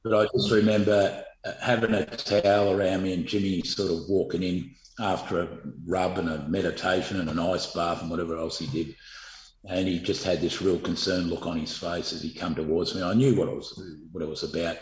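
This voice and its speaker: A middle-aged Australian man, a former footballer, telling stories in a rambling, halting way full of fillers and restarts. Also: deep voice, steady tone, echoey room, rough recording. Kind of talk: casual storytelling interview.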